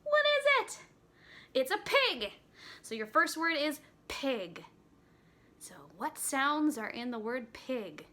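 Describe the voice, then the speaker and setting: A woman teacher leading a playful children's phonics lesson, singing songs and slowly sounding out words. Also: sits high, big pitch swings, pushed and bright.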